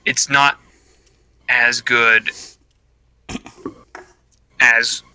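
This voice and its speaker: A man co-hosting a casual podcast, speaking hesitantly with many pauses and fillers. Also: mid-range voice, little pitch movement, sharp tone, clear, resonant tone, no room sound, rough recording. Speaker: podcast co-host. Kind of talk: casual live-stream chat.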